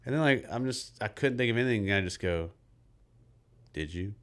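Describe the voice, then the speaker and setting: A man's voice: lowish voice, expressive, brisk, a bit bright. A man podcast co-host and comic in casual chat, telling rambling anecdotes full of "like".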